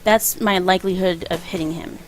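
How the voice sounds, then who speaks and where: A woman's voice: fairly low pitch, steady tone, brisk, a little hiss or hum, rough recording. A woman casually commenting on her video game playthrough in a chatty, rambling way, often laughing at her own jokes. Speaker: let's play host.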